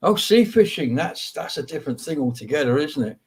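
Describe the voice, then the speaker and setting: Lively chatty man hosting a live show. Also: on the high side, brisk, a crowd in the background. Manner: chatty, greets viewers by name. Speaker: host. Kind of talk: casual live-stream chat.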